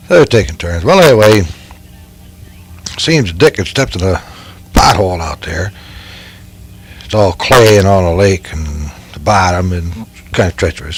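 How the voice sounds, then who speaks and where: A man's voice: fairly low pitch, low-quality recording. Older man telling folksy yarns. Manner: rambling folksy, keeps saying "anyway". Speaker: retired game warden. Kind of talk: dictated storytelling.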